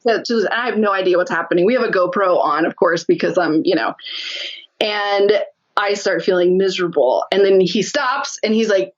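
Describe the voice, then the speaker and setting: A woman's voice: mid-range voice, moderate pace, lo-fi sound. A woman guest telling stories in a casual interview, laughing often and acting out what people said. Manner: lively, laughs often, acts out quotes. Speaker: podcast guest.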